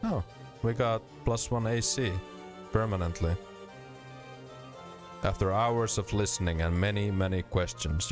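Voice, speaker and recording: A man streaming a game, reading the dialogue and narration aloud in a measured, steady way. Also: deep voice.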